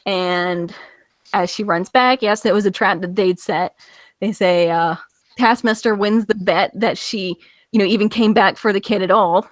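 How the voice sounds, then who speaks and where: A woman co-hosting a casual review podcast over an online call, retelling a story in an animated way with many filler words and acted-out quotes. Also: medium pitch, normal speed, no room sound. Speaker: podcast co-host. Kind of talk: casual comic-book review chat.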